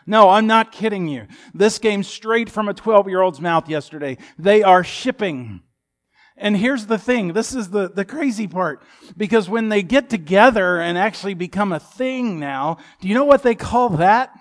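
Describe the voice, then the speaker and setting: A man's voice: high-pitched, animated, moderate pace. A man in his fifties preaching a sermon in a folksy, humorous storytelling manner. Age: 50s. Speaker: pastor.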